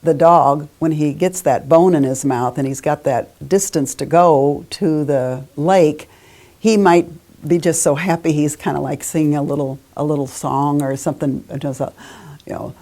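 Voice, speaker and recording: Woman in a workshop, very low and husky, casual and hesitant. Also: normal speed, warm tone. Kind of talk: sharing ideas in a workshop.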